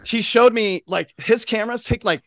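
A male podcast co-host telling a rambling, lively anecdote in casual chat, full of asides and swearing, on a studio mic. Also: high-pitched, moderate pace, no room sound.

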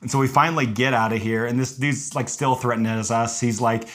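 A young man casually telling a hiking story to friends, lively and animated, jumping into high voices when he quotes himself. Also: a little fast. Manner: animated, acts out quotes with high-pitched apologies. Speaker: podcast co-host recounting a hike.

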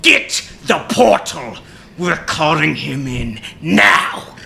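A man's voice: on the high side, sing-song, takes it slowly, gravelly, slight background noise, exaggerated voice. A man voicing a ranting male pig villain overlord in a comedy podcast bit. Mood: furious. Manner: yelling, blustering.

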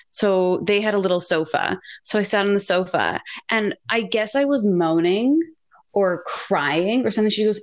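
A young woman co-hosting a casual chat, telling animated stories and acting out quoted lines. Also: mid-range voice, moderate pace. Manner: animated, says "like" often, acts out quotes.

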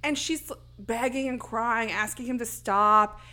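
A woman's voice: on the high side, measured pace. A woman casually retelling a horror movie scene, acting out the lines and laughing often. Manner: animated storytelling, acts out quotes, laughs often. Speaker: podcast co-host. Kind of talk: casual movie recap chat.

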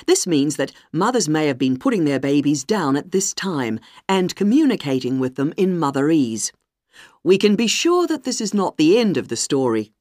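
A narrator reading a scripted lecture in a calm, explanatory way. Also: mid-range voice, no echo, clean studio sound.

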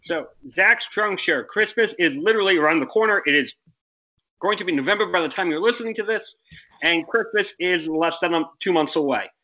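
A man's voice: high-pitched, brisk, pushed and bright. A young American man co-hosting a casual sports podcast, rambling and correcting himself, with exasperated rants. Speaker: podcast co-host.

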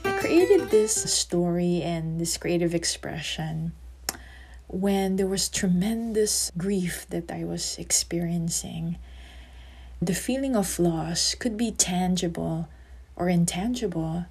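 Slow, husky woman host. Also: on the low side, faint music behind. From Philippines. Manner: warm, conversational, therapist-like. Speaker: podcast host and psychotherapist. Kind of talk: podcast monologue.

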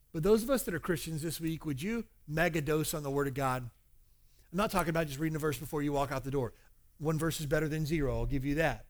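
Candid preaching man, slightly high voice. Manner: candid, conversational preaching with personal anecdotes. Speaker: pastor. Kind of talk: evening sermon to a congregation. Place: church service.

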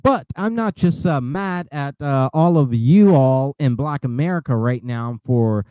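A man's voice: mid-range voice, expressive, unhurried, clean tone, no echo, muffled recording. A male host giving impassioned, angry commentary, preaching at his listeners with many filler uhs and restarts. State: outraged.

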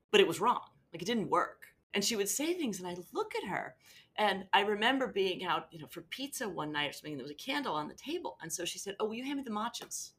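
A middle-aged woman with an American accent tells a story with amused liveliness. Her fairly low voice has a bright edge and moves through a wide pitch range. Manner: lively, amused anecdote-telling. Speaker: teacher interviewee. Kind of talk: storytelling interview.

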